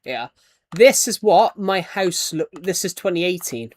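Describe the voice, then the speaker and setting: This is a casual live-stream chat from a young man with a British accent who plays a game and thanks his viewers and donors. He talks at a measured pace in a high, expressive voice, chatty and prone to trailing off and starting over.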